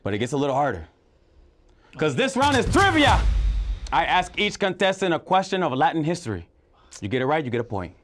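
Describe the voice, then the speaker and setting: A man hosting a comedic game show, energetic and teasing with his contestants. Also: fairly high pitch, a little fast, long pauses, slight background noise.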